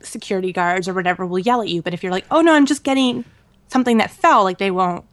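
A woman co-hosting a podcast, telling a travel story in a casual, animated way with many fillers and laughs. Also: mid-range voice, quick pace, no echo. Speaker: podcast co-host. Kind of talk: casual chat.

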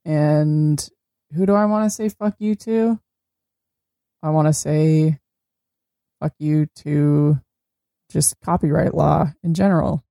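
A woman's voice: deep voice, steady tone, slow, creaky, pauses often, dark tone, no room sound, studio quality. A woman co-hosting a podcast in casual chat, joking wryly. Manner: wry, joking. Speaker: podcast co-host.

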